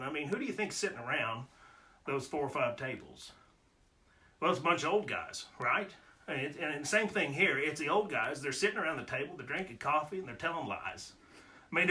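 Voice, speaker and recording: A man's voice: medium pitch, sharp tone. A man telling personal stories in a casual, folksy way, with homespun humor. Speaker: storyteller. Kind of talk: casual spoken storytelling.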